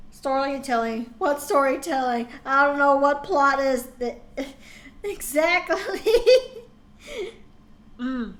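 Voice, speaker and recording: A woman streamer with a high, slightly bright voice reads a story aloud for laughs. It is a comedic dramatic reading peppered with her exasperated, mocking asides.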